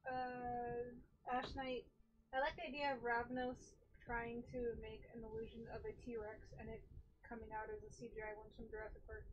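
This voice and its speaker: A woman's voice: a little high, flat delivery, normal speed, highs cut off, slight background noise. A woman co-hosting a casual gaming stream, blunt and teasing and swearing freely. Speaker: streamer and co-host.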